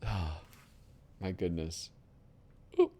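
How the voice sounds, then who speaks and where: A man's voice: low voice, lively intonation, very slow, dark tone. A man hosting a casual magazine flip-through, who swears and trails off into mumbled asides. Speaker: host.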